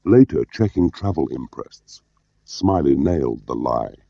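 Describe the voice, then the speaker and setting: A man narrating an audiobook in a measured, understated way. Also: rumbling low, animated, vocal fry, dark tone, no echo. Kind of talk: scripted narration. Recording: dull lo-fi audio.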